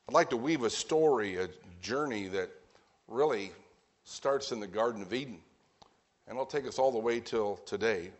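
A man preaching a sermon at a brisk pace, stressing his points and repeating them. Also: medium pitch.

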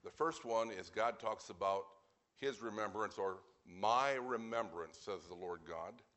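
A man preaching an evening sermon as pastor, speaking earnestly and plainly, with wry asides, and reading scripture slowly and weightily. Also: fairly low pitch, a bit bright.

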